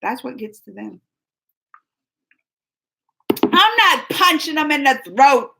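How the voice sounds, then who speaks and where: A woman's voice: sits high, sing-song, takes it slowly, gravelly, long pauses, bright, forceful tone. A woman hosting a casual live stream, chatting and rambling to viewers, laughing often. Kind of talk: casual live chat reading viewer comments.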